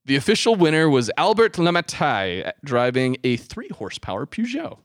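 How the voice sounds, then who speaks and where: A man's voice: on the high side, moderate pace, dry recording, clean studio sound. A man co-hosting a casual podcast chat, telling a history story with frequent laughter. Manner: animated, laughs often, hams up a mock French accent. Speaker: podcast co-host.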